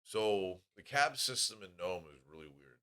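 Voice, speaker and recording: A man's voice: on the low side, lively intonation, moderate pace, pushed and bright, clean tone. A man telling profane, rambling anecdotes in a casual podcast chat.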